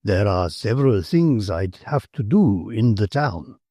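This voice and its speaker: A man voicing a quiet, reserved older count who speaks curtly and impatiently. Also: fairly low pitch, animated, a little slow, no room sound, studio quality. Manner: curt, impatient.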